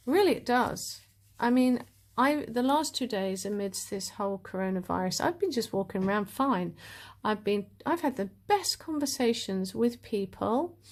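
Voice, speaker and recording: A woman giving a casual spiritual talk as a tarot reader, animated and upbeat with lively swings in her voice. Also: a little high.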